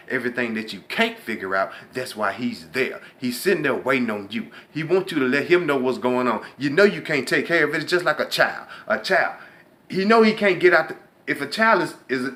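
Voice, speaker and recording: A man hosting his own show, giving a conversational, preachy faith and motivation talk, dropping to a low hush when voicing inner thoughts. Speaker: host.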